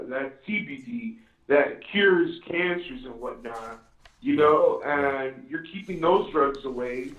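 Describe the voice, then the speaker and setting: A man's voice: on the high side, roomy sound. Earnest male caller on a tinny phone line. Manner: earnest, repeats himself. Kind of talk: phone-in call.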